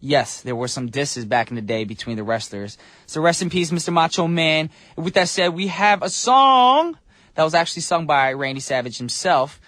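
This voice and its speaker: A man's voice: fairly high pitch, moderate pace, a bit bright, no room sound. Playful New Jersey radio DJ man. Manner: playful, slangy, laughs easily. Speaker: radio DJ host. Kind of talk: casual radio chat. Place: radio studio. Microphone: studio mic.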